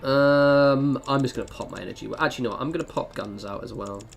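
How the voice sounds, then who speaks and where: While streaming a game, a man chats casually and rambles, using many fillers. His medium-pitched voice is fast and creaky, with faint music behind him.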